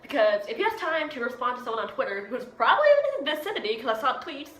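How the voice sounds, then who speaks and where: A seventeen-year-old girl vlogger rambles through a story in a chatty, rapid-fire way, talking around a retainer and quoting people in their voices. Her voice is a little high with big pitch swings. The room is echoey, with background noise.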